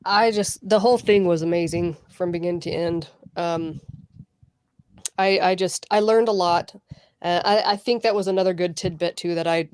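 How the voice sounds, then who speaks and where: A woman's voice: lowish voice, a little mellow, clean tone, no room sound, studio quality. Chatty, giggly woman guest. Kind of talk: livestream interview.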